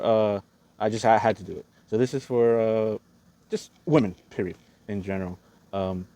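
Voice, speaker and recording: Guy telling a faith story, low mellow voice, stops and restarts a lot, faint hiss behind. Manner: halting, many restarts and fillers. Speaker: Christian video preacher. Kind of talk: casual spoken testimony.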